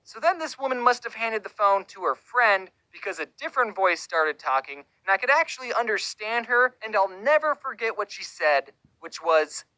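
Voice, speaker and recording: A woman's voice: medium pitch, lively intonation, moderate pace, hardly any pauses, bright, forceful tone, no room sound, rough recording. A woman telling a comic personal story with a dry, sarcastic delivery.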